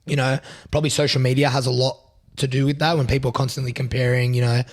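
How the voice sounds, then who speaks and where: A man in his twenties with a hoarse, raspy voice, co-hosting a podcast in casual chat and talking earnestly, with many fillers and pauses. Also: mid-range voice, level tone. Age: 20s. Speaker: podcast co-host.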